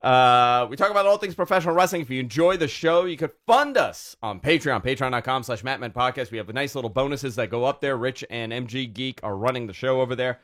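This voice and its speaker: A man hosts a casual wrestling podcast. He rambles in a loose, joking way with plenty of restarts. His voice sits at an ordinary pitch for a man. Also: lively intonation, fairly quick, few pauses, fairly bright tone. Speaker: podcast host.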